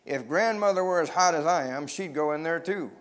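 A man voicing an eager, daring young boy in a read-aloud story, sounding excited and pleading. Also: on the high side, brisk, close to an everyday voice.

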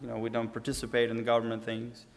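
A man's voice: medium pitch, monotone, quick pace, vocal fry. A young man from Ukraine, telling a personal testimony in an earnest, casual way and acting out the dialogue. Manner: earnest, frequent restarts, acts out quoted dialogue. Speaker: storyteller giving testimony.

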